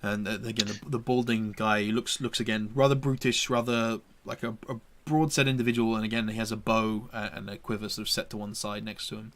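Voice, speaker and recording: A man's voice: lowish voice, level tone, a bit bright. A man narrating as game master of a tabletop game, with frequent restarts and fillers. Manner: halting, many restarts and fillers.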